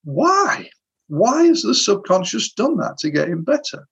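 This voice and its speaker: A hypnotherapist tells a client story in an interview, in an earnest, vivid way. His mid-pitched male voice is gravelly and a bit husky. The audio sounds slightly dull. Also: sing-song, normal speed.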